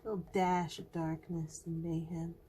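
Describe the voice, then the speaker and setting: A woman's voice: fairly low pitch, flat delivery, moderate pace, warm tone, slight background noise. A woman host narrating her drawing in a casual, jokey art vlog, dropping into whispered asides now and then. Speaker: artist and channel host.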